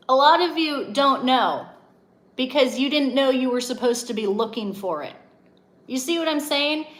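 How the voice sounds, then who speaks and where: A woman's voice: high-pitched, fairly bright tone. A young adult woman hosting a casual livestream, talking emphatically and answering viewer comments as a coach.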